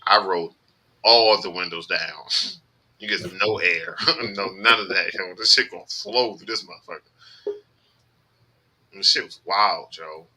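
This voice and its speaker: Man, bright forceful tone, animated profane storytelling, casual podcast chat. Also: low-pitched, moderate pace, pauses often, slight background noise, rough recording. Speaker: podcast host, rideshare driver.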